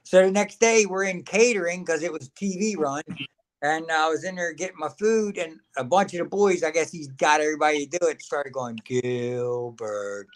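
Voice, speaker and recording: A man's voice: on the high side, fairly quick. A man, a wrestling guest at a fan signing, telling casual, rambling anecdotes and laughing as he goes. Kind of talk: casual storytelling.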